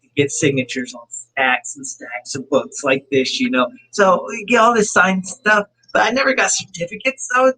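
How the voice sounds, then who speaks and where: A man from Florida chatting as a guest on a casual podcast, animated and laughing easily as he tells stories. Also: sits high, moderate pace, husky, rough recording. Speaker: co-host guest. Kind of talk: casual live-stream chat.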